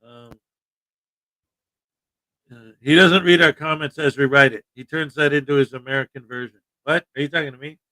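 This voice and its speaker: A man hosting a casual livestream chat, joking and animated with sudden loud bursts. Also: a little high, moderate pace, long pauses. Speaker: livestream host.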